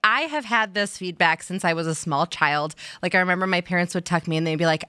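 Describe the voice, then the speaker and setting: A woman with a light Midwestern accent chats easily as a podcast co-host. Her voice sits a little low, and the recording is close and dry with no room sound. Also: fast, few pauses, clear, resonant tone, no room sound. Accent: Midwestern American. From Midwest US, outside Chicago. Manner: chatty, animated, reads listener emails aloud. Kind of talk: casual podcast chat.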